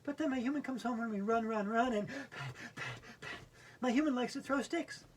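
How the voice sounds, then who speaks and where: A woman's voice: fairly high pitch, moderate pace, far from the mic, slight background noise, pitched above the performer's own voice, natural voice. A woman voicing a playful pet dog reciting a little poem in a bouncy, sing-song way. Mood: excited.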